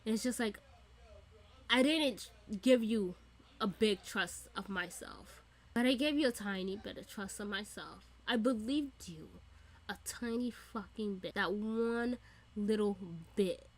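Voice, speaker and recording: A woman's voice: mid-range voice, unhurried. A woman hosting a reaction video, ranting casually and animatedly with a lot of swearing. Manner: profane, animated, laughing rants.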